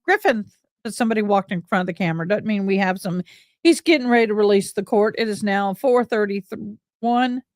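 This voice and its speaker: A woman's voice: medium pitch, fairly quick, no echo, clean studio sound. A woman from Missouri, hosting a livestream in a chatty, rambling, folksy way. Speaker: livestream host. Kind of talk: casual livestream chat.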